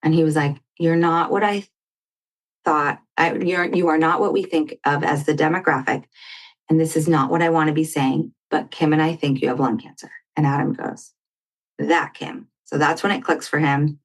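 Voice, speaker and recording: Speaking at normal speed in a deep voice, a woman appears as a podcast guest and shares a personal story conversationally. She brings it to life by acting out the quoted dialogue of others.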